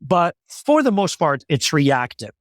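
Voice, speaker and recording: Man with a fairly high voice, heavy fillers. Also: big pitch swings, no echo, clean studio sound. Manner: measured, many fillers and restarts. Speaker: company executive guest. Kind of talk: business interview.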